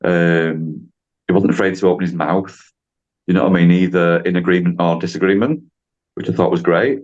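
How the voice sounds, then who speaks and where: A man's voice: deep voice, fairly even intonation, moderate pace, a little mellow, highs cut off. A man, a driving instructor, telling a story in a chatty, rambling way on a podcast and acting out the dialogue.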